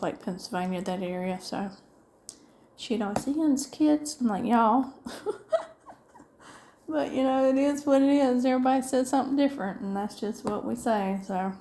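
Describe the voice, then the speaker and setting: A woman's voice: mid-range voice, darkish tone, a little hiss or hum. Chatty southern lady from upstate sc just rambling on while she paints, lots of ums. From upstate South Carolina. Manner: chatty, rambling, folksy, many fillers. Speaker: diamond painting vlogger. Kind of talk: rambling casual chat while crafting.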